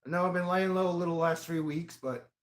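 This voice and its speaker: A man vlogging in a casual, rambling monologue, heavy on profanity and swinging into loud rants. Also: high-pitched, steady tone, fast talker. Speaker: video blogger.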